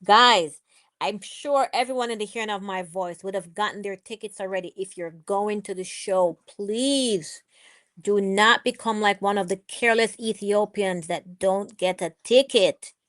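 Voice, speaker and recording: A woman's voice: medium pitch, a little slow, fairly bright tone. A woman with a lilt hosts a live stream in an easy, chatty way. She reads viewers' comments aloud, cheers them on and laughs along as she talks. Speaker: livestream host. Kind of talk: casual live stream chat.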